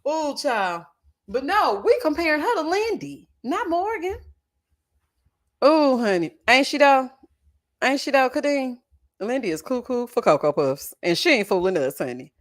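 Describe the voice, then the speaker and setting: A woman hosts a reality TV reaction show, chatting in a sassy way, laughing loudly, and calling her viewers honey and child. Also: high voice, sing-song, measured pace. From Texas. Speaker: host of a reality TV reaction channel. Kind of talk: casual reaction commentary.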